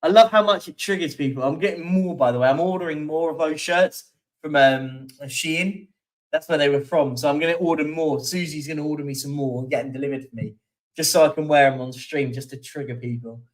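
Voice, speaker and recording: A chatty man with a fairly high voice hosts a live stream from home, meandering through numbers and comments with plenty of ums. His voice sits a little back from the mic. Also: brisk, recorded from a distance. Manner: rambling, chatty, reads out stats with many fillers. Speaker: livestream host. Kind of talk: casual live-stream chat reading viewer comments.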